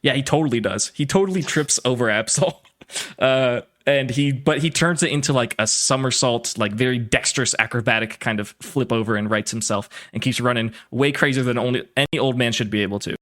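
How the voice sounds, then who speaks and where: A man's voice: medium pitch, fairly quick, a bit bright. A man narrating as game master of a tabletop game in a loose, laughing way, with many fillers.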